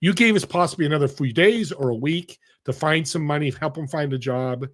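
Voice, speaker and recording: A woman's voice: sits low, brisk. A man voicing a tearful grateful young mother.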